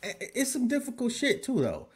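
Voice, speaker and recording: A man's voice: extremely high pitch, huge pitch swings, a little fast, breathy edge. A man hosting a casual podcast interview, emphatic and exclamatory, swearing freely. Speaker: podcast host.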